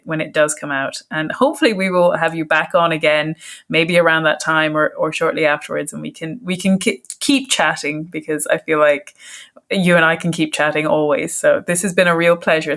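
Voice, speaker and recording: A woman's voice: low voice, a bit bright. A woman hosting a podcast, chatting in a friendly, enthusiastic way with her guest. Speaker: podcast host. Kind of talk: casual interview chat.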